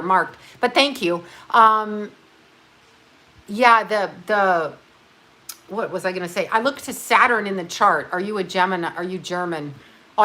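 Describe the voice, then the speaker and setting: A woman's voice: mid-range voice, pushed and bright. A woman from Canada chatting casually on a livestream, rambling, blunt and profane, with self-mocking asides. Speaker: livestream host. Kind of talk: casual chat.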